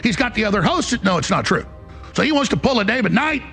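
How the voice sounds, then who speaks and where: A middle-aged man with a gravelly, raspy voice dramatically retells a dispute, mimicking the other person. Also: sits high, sing-song, fast, pushed and bright, faint music behind. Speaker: show host recounting a dispute. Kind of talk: heated monologue clip.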